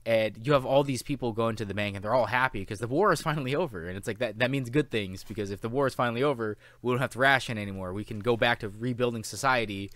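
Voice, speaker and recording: Male co-host, casual review chat, mid pitch, dry close sound, animated and profane. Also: fast, hardly any pauses, no room sound. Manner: animated, swears a lot, acts out quotes. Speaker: podcast co-host.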